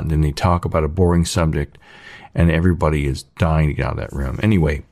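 A deep-voiced man rants sarcastically in a casual monologue for his channel. The recording is dry and close, with no room sound. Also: darkish tone, no echo. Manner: ranting, sarcastic. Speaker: channel host.

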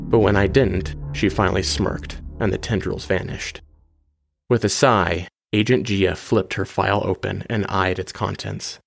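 A man hosting his podcast and narrating a first-person science-fiction short story in a measured, steady way. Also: sits low, gravelly.

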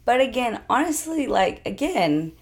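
A young woman co-hosting a casual chat, her voice hoarse and worn out, chatty with lots of fillers and frequent laughs. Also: on the high side, very animated, unhurried. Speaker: podcast co-host.

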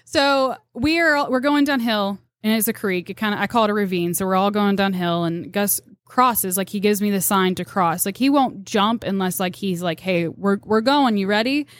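Gal rambling thru tracking stories, laughs a lot, acts out the quotes, dry mic. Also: female voice, medium pitch, normal speed, hardly any pauses, dry recording. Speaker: deer tracker, podcast guest. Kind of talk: casual storytelling chat.

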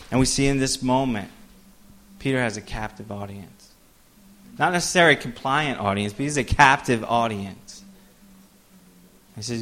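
Bright-voiced man preaching a sermon. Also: mid-range voice, normal speed, long pauses. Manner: storytelling, animated bursts, trailing softer asides. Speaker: pastor. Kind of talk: sermon with personal story.

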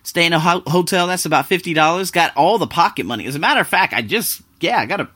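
A young man chatting casually to his viewers as a vlogger, animated and talkative, jumping between loud bursts and quiet asides. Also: on the high side, fast, no room sound. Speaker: vlogger living abroad. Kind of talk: casual talk to camera.

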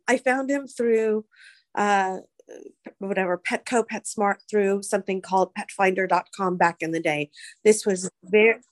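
A woman talks as an interview guest, chatty and openly emotional. Her voice is mid-pitched and recorded dry. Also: dry recording. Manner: emotional, chatty, animated storyteller. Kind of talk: casual interview chat.

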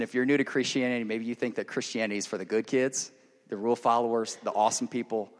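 Male pastor in the middle of a sermon, earnest, swings loud to hushed, mid pitch, long echo of a big hall. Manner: earnest and direct, swinging between loud emphatic passages and hushed intimate ones. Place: church service. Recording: long reverb of a large hall.

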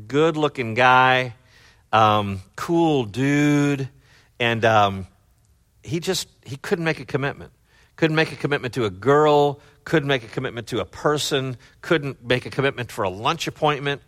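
A middle-aged male pastor giving a conversational sermon, loose and chatty with lots of fillers, swinging from low asides to loud excited bursts.

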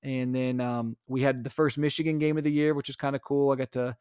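A young adult man, a father co-hosting a casual podcast, tells the story of a chaotic day with animated energy, acting out his own lines. His middle-pitched voice is fairly quick, clear, and resonant, recorded dry and close with no room sound.

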